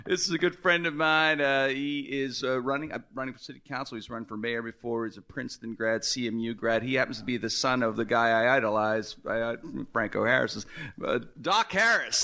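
A man hosting a live comedy talk show, talking excitedly with stammering restarts and frequent laughter. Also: medium pitch, fairly quick.

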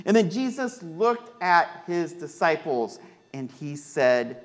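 A male pastor with a Midwestern American accent delivers a sermon, slipping into a personal story. His voice sits a little high and swings widely as he acts out what people said. The delivery is lively and conversational. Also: takes it slowly.

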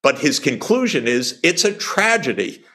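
A man's voice: on the high side, very animated, moderate pace, pushed and bright. An older man speaking as an economist in a panel discussion, hesitant with many filler sounds, growing emphatic when he argues a point. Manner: grows emphatic and exasperated when arguing. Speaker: economist guest.

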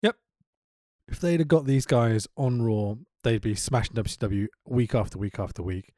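A man co-hosting a casual podcast chat, animated and quick to laugh, swearing freely as he talks. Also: medium pitch, no room sound, clean studio sound. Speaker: podcast co-host.

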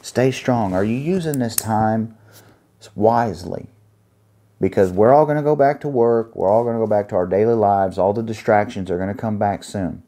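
A man preaching an earnest sermon, pausing to find his place and reading scripture aloud. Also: on the low side, warm tone. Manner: earnest, reads scripture aloud with pauses while finding pages.

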